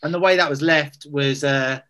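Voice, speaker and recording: Chatty Englishman telling a story, slightly high. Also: steady tone, normal speed, sharp tone, clear, resonant tone. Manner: chatty, self-deprecating, many fillers and restarts. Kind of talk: casual storytelling.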